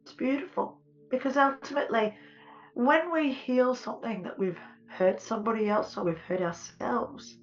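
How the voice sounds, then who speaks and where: A woman's voice: a little high, normal speed, highs cut off. A woman earnestly telling her own near-death experience, tearful at times and dwelling on her feelings. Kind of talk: emotional first-person testimony.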